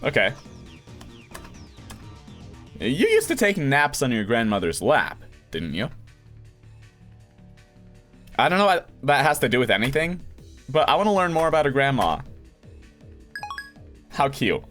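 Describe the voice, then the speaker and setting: A man's voice: medium pitch, huge pitch swings, a little slow, pauses often, a bit bright, faint music behind. A young man, a voice actor, reading a visual novel aloud and acting out the lines, with his own reactions mixed in. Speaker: voice actor doing a game playthrough.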